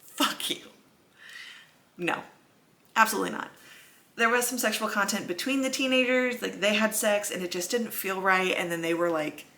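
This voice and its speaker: A woman's voice: a little high, fairly bright tone. A young adult woman talking bluntly, with some swearing, in a casual book vlog. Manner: blunt and profane. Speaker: book vlogger.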